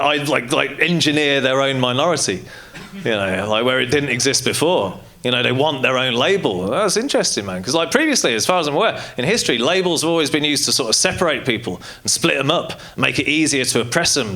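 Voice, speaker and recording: Rambling, profane male stand-up comedian. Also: medium pitch. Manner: rambling, casual and profane, full of fillers. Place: comedy club stage with audience. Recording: live comedy club with loud audience.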